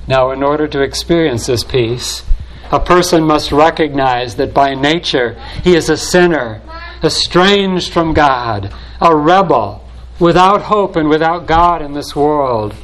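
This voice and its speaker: Slow, deliberate male preacher. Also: a little high, expressive, a bit bright, low-quality recording. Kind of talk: sermon.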